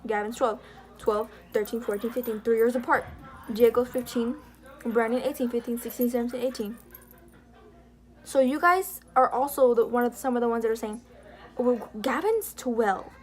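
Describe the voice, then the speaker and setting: A woman's voice: fairly high pitch, fairly even intonation, normal speed. A young woman vlogging, telling a story in a rambling, heated way and acting out what others said. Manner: rambling, heated, retelling drama with quoted dialogue. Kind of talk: casual commentary vlog.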